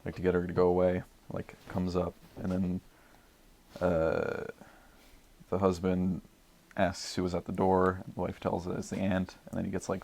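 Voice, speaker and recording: A young man with a very deep, gravelly voice tells a long story in a casual podcast chat. He talks in a flat, even way, full of "like" and "uh" as he goes. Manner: rambling, many fillers like "like" and "uh". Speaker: podcast regular. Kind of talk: casual chat, telling a movie pitch.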